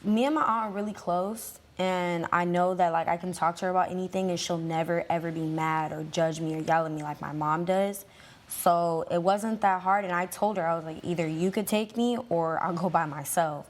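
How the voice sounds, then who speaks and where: A woman's voice: lowish voice, fairly even intonation, a little fast. A teenage girl testifying on a court show, hesitant and full of fillers as she tells her side. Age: late teens. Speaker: litigant's daughter.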